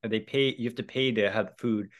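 A man's voice: on the low side, fairly quick. A young man from Hawaii, a podcast guest telling stories casually, laughing often, swearing and acting out the lines of others. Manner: animated, laughing, swears often, acts out quotes. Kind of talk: casual storytelling.

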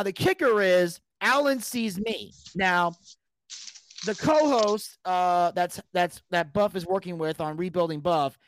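Guy w a high voice telling a swear-filled story, acts out the quotes, dry close sound. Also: no room sound. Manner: animated, profane, acts out quotes. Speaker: podcast guest. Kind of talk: casual storytelling.

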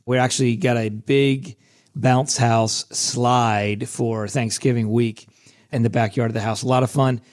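A middle-aged man with a hoarse, scratchy voice, hosting a casual solo podcast in a chatty, self-deprecating way. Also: mid-range voice, steady tone, a little slow, a little mellow. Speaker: podcast host.

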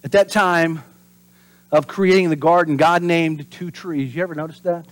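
A pastor delivering a sermon in an animated preaching manner. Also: male voice, a little high, normal speed. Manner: animated preaching, acts out voices and drops to whispers for emphasis.

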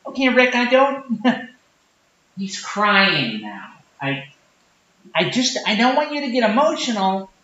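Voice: medium pitch, sing-song, slow, pushed and bright, full character voice. A performer playing a smug, preachy podcast producer from Portland, in a roomy, dull lo-fi recording. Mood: patronizing. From Portland, Oregon. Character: condescending big-city podcast producer from Portland.

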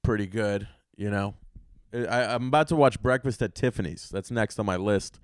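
A young man hosting a solo podcast, talking casually and with lots of swearing, swinging from loud outbursts to low muttering. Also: moderate pace, dry recording, studio quality. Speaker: podcast host.

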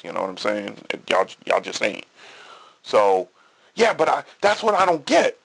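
Gravelly, lively-voiced man hosting a podcast. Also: on the low side, normal speed. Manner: storytelling with quoted dialogue, repeats and restarts. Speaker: podcast host. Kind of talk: casual political monologue.

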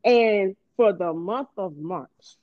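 A woman's voice: mid-range voice, dry recording, narrow, tinny audio. Bubbly, laughing podcast host woman. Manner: bubbly, laughs often, talks fast when excited. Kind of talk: casual book podcast chat.

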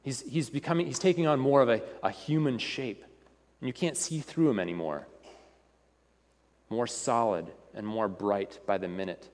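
A man's voice: mid-range voice, moderate pace, darkish tone, big-room sound. A man preaching a sermon in an earnest, repetitive way, often restarting his phrases.

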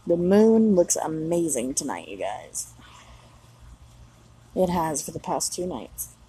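Woman, 30s, mom vlogging outside at night; profane, blunt rambler with a low, gravelly voice. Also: very animated, slow, mellow, poor audio. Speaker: mother of young children. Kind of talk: casual solo vlog monologue. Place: outdoors at night.

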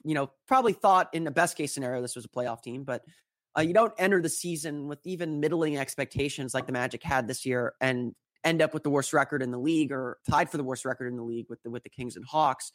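A man's voice: medium pitch, fast talker, a bit bright, no echo. A man being interviewed about basketball, recovering from an illness, talking with frequent restarts and hesitations. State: recovering from illness, slight cough. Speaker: podcast guest, team analyst. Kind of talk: casual interview answers.

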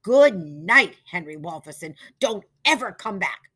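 A woman's voice: high-pitched, huge pitch swings, a little slow, fairly bright tone, voice pushed up, full character voice. A woman voicing a stern, stiff older lady who speaks sharply and indignantly.

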